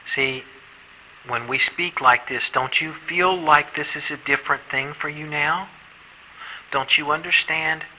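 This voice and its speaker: A man with a fairly high, piercing voice speaks gently to the spirits, as if inviting a shy presence closer. He pleads and repeats himself, asking quietly for answers. His bright, keen tone stays clear through the soft coaxing. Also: fairly even intonation, measured pace, a little hiss or hum, rough recording. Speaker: paranormal investigator. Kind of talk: coaxing talk to unseen spirits. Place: derelict building on an island.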